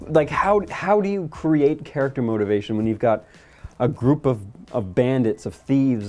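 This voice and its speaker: A man's voice: medium pitch, mellow. A man hosting a casual movie review chat, blunt and sarcastic, swearing freely. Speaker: movie review podcast host.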